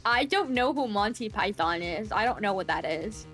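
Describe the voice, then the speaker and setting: A woman's voice: expressive, moderate pace, a bit bright. A young woman chatting casually and playfully while streaming a game, laughing often. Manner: playful, laughs often, bursts into high squeals. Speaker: VTuber streamer. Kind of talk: casual game livestream commentary. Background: faint background music.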